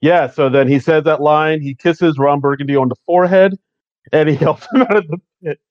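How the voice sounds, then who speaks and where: A man with a slightly high voice talks through a movie in a relaxed, wry way and laughs easily. His sound is dry and a little muffled, as if from a plain home mic. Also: a little fast, no room sound. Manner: laid-back, laughs often, wry. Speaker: podcast co-host. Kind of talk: casual movie recap chat.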